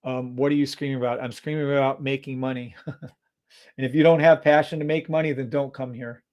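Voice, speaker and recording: A man hosting a live trading stream, loud and hyped, cursing freely and dropping from shouts to mutters. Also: mid-range voice, steady tone, fairly quick, dry recording.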